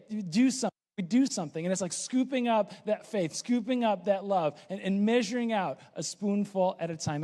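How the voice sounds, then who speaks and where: Male pastor, casual joking sermon, high voice, reverberant hall. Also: darkish tone.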